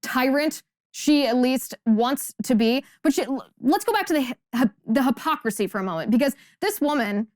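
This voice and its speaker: A woman's voice: high-pitched, lively intonation, moderate pace, a little mellow, no room sound, clean studio sound. A woman hosting a political commentary show, delivering an emphatic, sarcastic monologue full of rhetorical questions. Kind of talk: opinionated monologue.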